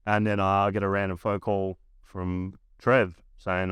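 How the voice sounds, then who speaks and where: A man's voice: deep voice, little pitch movement, a little slow, few pauses, a bit bright, smooth, no room sound. A man in his thirties with an Australian accent, a podcast guest telling a long story casually, swearing freely and padding his lines with fillers. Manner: laid-back, heavy swearing, lots of "like" fillers. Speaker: podcast guest, former pro basketballer.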